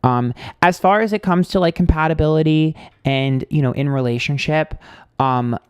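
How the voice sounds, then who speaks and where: A man's voice: a little high, normal speed, clean tone, no echo, clean studio sound. A man reading tarot on a live stream, chatting casually, blunt and candid, ranting with swearing and lots of fillers.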